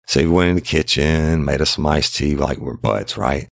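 Very deep, gravelly storyteller man. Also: normal speed, no room sound. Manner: rambling, repeats himself, tags every quote with "I said". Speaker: podcast host and former investigator. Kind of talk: casual true-crime storytelling.

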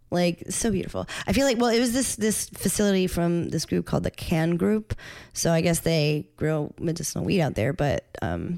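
A woman's voice: fairly low pitch, gravelly, mellow. A woman co-hosting a casual podcast, rambling and filling her talk with "like" and laughter. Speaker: podcast co-host. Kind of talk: casual chat.

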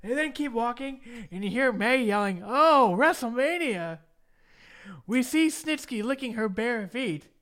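A man's voice: extremely high pitch, lively intonation, moderate pace, few pauses, fairly bright tone. A man hosting a casual chat, recapping a show in a jokey way and slipping into mock voices to quote people. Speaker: podcast host.

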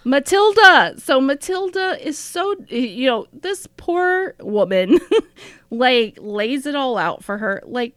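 Woman co-host, animated storyteller, higher voice that swings widely, dry close sound. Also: slow, clear, resonant tone, dry recording. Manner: animated storytelling, laughs often. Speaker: podcast co-host. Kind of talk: casual chat, retelling and reading a diary entry.

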